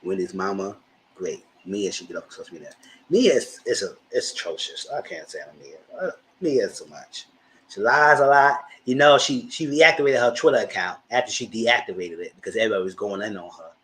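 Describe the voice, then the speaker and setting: A man's voice: fairly low pitch, brisk, a bit bright, a little hiss or hum, poor audio. A man in his thirties giving chatty, slangy live commentary as host of his channel. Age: 30s.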